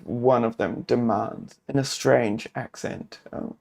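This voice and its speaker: A man's voice: medium pitch, fairly even intonation, slow pace, vocal fry, a little mellow. A man narrating a solo tabletop adventure, musing and thinking aloud with many fillers.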